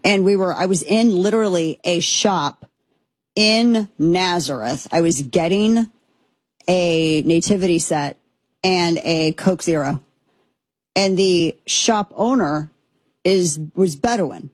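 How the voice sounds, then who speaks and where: A woman's voice: fairly low pitch, slow, dry recording. A woman hosting a political commentary show, speaking in an emphatic, impassioned way that rambles with restarts. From United States.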